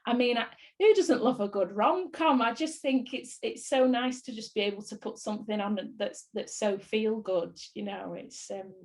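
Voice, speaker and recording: A woman's voice: fairly high pitch, moderate pace, hardly any pauses, darkish tone. A woman from Bolton with a Northern English accent, chatting in an interview, rambling and laughing often. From Bolton, England. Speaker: actress, interviewee. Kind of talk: casual interview chat.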